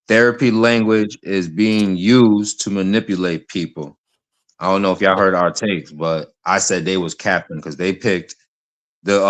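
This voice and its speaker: A man hosting a podcast, running a loose, joking group conversation full of slang. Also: deep voice. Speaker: podcast host. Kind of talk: casual group chat.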